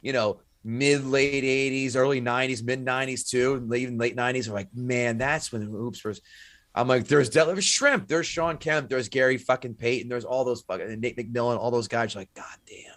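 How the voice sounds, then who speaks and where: A man's voice: medium pitch, fairly even intonation, fairly quick, fairly bright tone, no room sound. A man talking sports in a blunt, foul-mouthed, trash-talking way, his voice sitting in the middle of the male range. The recording is dry and close, with no room sound. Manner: blunt, profane trash talk. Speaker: podcast guest. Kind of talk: casual sports banter.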